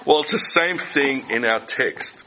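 A middle-aged man preaching a sermon, speaking deliberately and repeating key phrases for emphasis. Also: mid-range voice, sharp tone, a little hiss or hum, low-quality recording.

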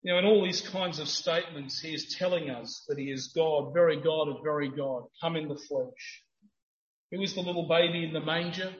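A man's voice: fairly high pitch, normal speed. A man preaching a sermon in an emphatic style that builds to fervent peaks. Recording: roomy, dull lo-fi church recording.

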